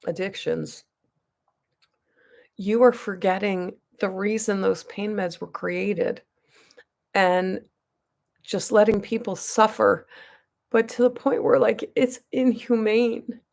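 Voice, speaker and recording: A woman's voice: mid-range voice, steady tone, slow, creaky, long pauses, a little mellow. A woman vlogger telling a long personal story to her viewers in a rambling, emphatic way, full of restarts and asides. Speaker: beauty vlogger.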